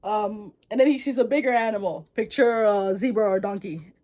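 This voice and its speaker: A woman's voice: medium pitch, normal speed, a little mellow. A young woman retelling a folktale in a casual, slangy, rambling way, full of wry asides. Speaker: storyteller.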